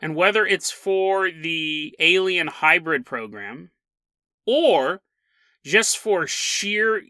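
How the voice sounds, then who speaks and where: A man hosting a podcast, telling a strange story in a chatty, animated way. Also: high voice, extremely slow, dry recording. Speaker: podcast host. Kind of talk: casual solo podcast monologue.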